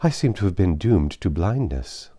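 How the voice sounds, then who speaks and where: A man reading a proud young gentlewoman's lines in a classic novel, earnest and self-reproaching. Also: low voice, very animated, moderate pace, no echo, studio quality.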